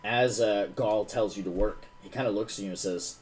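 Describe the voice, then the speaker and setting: A man's voice: on the low side, moderate pace, few pauses, darkish tone. A man narrating a tabletop game as game master, casual and filled with "like" and "um".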